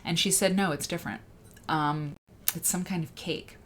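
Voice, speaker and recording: Low-voiced woman hosting a casual livestream. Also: fairly even intonation, normal speed, slight background noise. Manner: rambling, chatty, self-interrupting; greets viewers by name mid-sentence. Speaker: livestream host.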